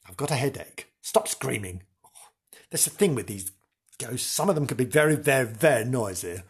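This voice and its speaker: A dotty, scatterbrained tipsy woman rambles and giggles her way through a haunted castle in a comedy podcast bit, as a man puts her on. Her voice is husky and a touch low and soft, and she swoops up and down as she goes. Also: expressive, normal speed. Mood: rambling.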